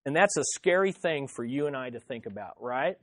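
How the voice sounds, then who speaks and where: A man preaching a sermon as pastor, speaking directly to the listeners and emphatically repeating his key phrases, swinging between loud and hushed. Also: medium pitch, expressive, fairly quick, dry recording, studio quality.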